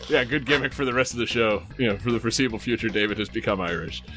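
A man's voice: lowish voice, rapid-fire, fairly bright tone, soft background music. A man hosting a game-show podcast in casual joking chat, upbeat and teasing, laughing often.

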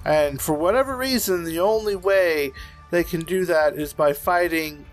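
Man, slightly high voice, rambling casual podcast chat, faint music underneath. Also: a little slow. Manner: rambling, loose and profane, full of fillers. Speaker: podcast co-host.

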